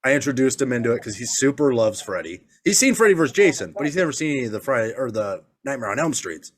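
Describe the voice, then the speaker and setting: This medium-pitched man talks quickly as a podcast co-host. A father, he tells profane stories in casual chat, animated throughout, acting out the quotes as he goes.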